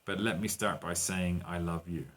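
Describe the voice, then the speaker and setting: A man's voice: sits low, fairly even intonation, moderate pace, fairly bright tone. A man teaching an online English lesson, walking learners through exercises and translating lines into Spanish.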